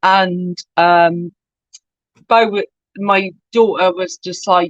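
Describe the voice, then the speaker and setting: A woman's voice: fairly low pitch, fairly even intonation, extremely slow, no echo, dull audio. A middle-aged woman with a West Country accent, a podcast guest telling candid, story-filled anecdotes and swearing freely. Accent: West Country English. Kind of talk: casual podcast chat.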